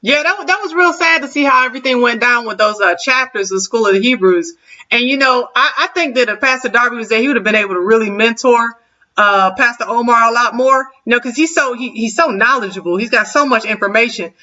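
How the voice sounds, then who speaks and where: A woman on a panel chatting casually, lively and laughing often, with preacher-like emphasis. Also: fairly high pitch, quick pace. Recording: distant dull-sounding mic.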